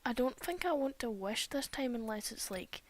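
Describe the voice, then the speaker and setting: A young woman giving casual commentary while playing a game, excitable, with loud outbursts and whispered asides. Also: a little high, moderate pace. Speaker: gaming streamer.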